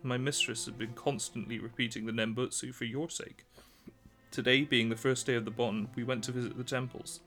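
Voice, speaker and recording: A man's voice: mid-range voice, a little fast, faint music behind, close to an everyday voice. A man reading a story aloud, voicing a young woman servant who talks eagerly and at length. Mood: explaining. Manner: excited, talkative, pleading.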